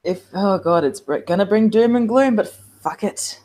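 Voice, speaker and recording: A woman's voice: medium pitch, animated, moderate pace, few pauses, warm tone. A woman playing her character in a tabletop game, speaking intensely and swearing in character. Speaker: player.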